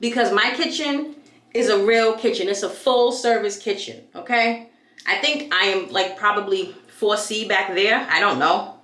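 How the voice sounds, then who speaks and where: A woman's voice: mid-range voice, moderate pace, fairly bright tone, reverberant. A young woman from New York chatting casually as a vlogger while she does her hair, hyped and full of tangents. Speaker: beauty vlogger.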